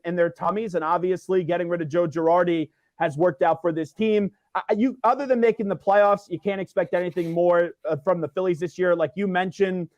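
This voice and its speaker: A young man in his twenties talking sports by phone, opinionated and quick, with a light, self-mocking streak. His voice runs high for a man, and the sound is dry and close. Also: a little mellow, dry recording, lo-fi sound. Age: 20s. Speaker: sports radio guest. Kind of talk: phone interview, sports talk. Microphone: phone call.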